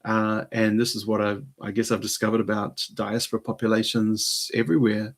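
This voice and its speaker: A man, possibly middle-aged, hosting his own live stream from New Zealand, rambling in a hesitant way with many pauses and fillers. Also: fairly low pitch, little pitch movement. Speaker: channel host. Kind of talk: casual live-stream monologue.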